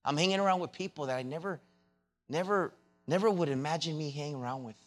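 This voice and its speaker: Preacher telling a story, then rising. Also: male voice, fast talker, soft background music. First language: not English. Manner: restarts and repeated words, grows louder and higher when preaching. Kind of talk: sermon with personal story.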